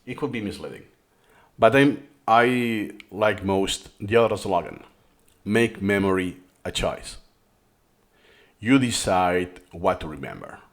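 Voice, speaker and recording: Low-voiced non-native English course host. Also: male voice. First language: not English. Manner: explains with frequent restarts. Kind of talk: reaction commentary lesson.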